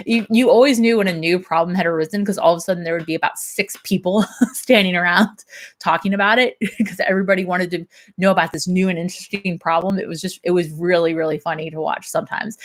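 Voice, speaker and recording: A young woman and systems engineer chatting casually on her livestream, laughing often. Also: lowish voice.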